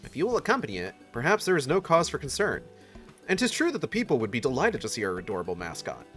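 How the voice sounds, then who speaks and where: A man's voice: medium pitch, wildly swooping pitch, fast talker, a bit bright, soft background music. A man reading game dialogue aloud, voicing a courtly official who speaks in a formal, old-fashioned way. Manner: stately, archaic phrasing.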